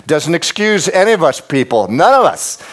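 A pastor preaching a sermon, emphatic and repetitive, talking straight to his congregation and dropping to a hush at times. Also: fairly high pitch, very animated, normal speed. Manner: addresses the congregation directly.

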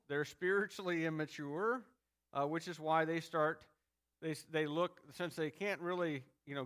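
With a fairly high, slightly bright and clean voice, this man delivers a sermon in a conversational style. As pastor, he plays the characters he describes, grumbling crowds among them.

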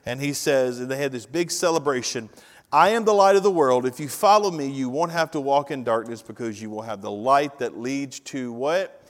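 A man preaching a sermon, reading scripture aloud slowly with emphasis and prompting listeners to finish the lines. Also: medium pitch. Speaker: pastor. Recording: long hall reverb.

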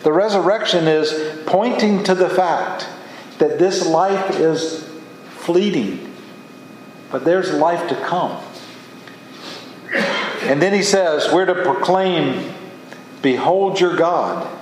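Earnest pastor preaching in an echoing hall. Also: male voice, on the high side, takes it slowly, long pauses, a little hiss or hum. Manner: earnest, emphatic preaching with rising exclamations. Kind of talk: sermon. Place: church sanctuary. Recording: echoey hall from far off.

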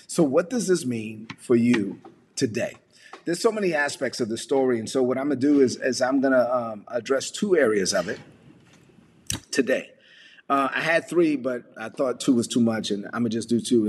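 A man's voice: medium pitch, moderate pace, in a large hall, a little hiss or hum. A man preaching a sermon as pastor, retelling a Bible story in casual, conversational dialogue.

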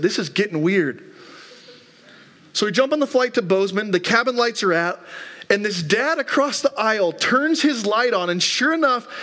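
A man's voice: sits high, a bit bright. A man in his thirties, a pastor preaching a sermon in a church, telling stories in a conversational way with rhetorical questions. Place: church sanctuary.

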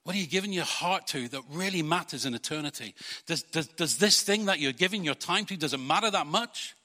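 A man preaching a sermon as pastor, putting rhetorical questions to his congregation and swinging between loud urging and quiet earnestness. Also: on the high side, animated, a little fast, long reverb tail.

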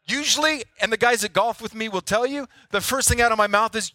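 Male pastor, sermon, chatty and self-deprecating, sharp tone in a dry room. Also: high-pitched, expressive, brisk, few pauses, dry recording. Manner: conversational, self-deprecating storytelling.

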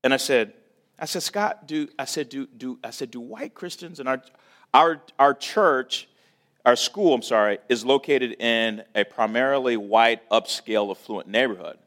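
A man giving a church talk, telling a personal story in a preaching style and acting out quoted voices, loud one moment and hushed the next. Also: mid-range voice, moderate pace.

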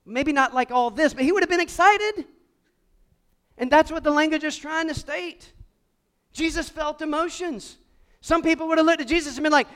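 A pastor preaching a lively sermon to a congregation and calling on them to repeat words back. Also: male voice, extremely high pitch, moderate pace. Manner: animated preaching with call-and-response to the congregation. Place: church sanctuary before a congregation.

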